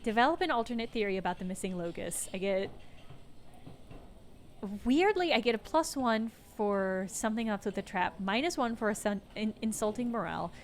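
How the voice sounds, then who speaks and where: A woman's voice: a little high, darkish tone, a little hiss or hum. A woman streaming a video game, reading the narration aloud and mixing in playful comments as she thinks aloud.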